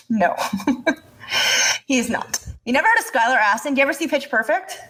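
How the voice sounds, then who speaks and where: A young woman co-hosting a casual podcast chat, animated, laughing often and swearing freely. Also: high voice, a little fast, rough recording. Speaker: podcast co-host.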